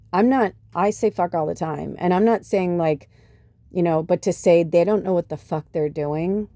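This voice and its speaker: Low-pitched and warm, this middle-aged podcast host's voice comes through a dry recording. She chats casually, swearing freely and performing other people's quotes.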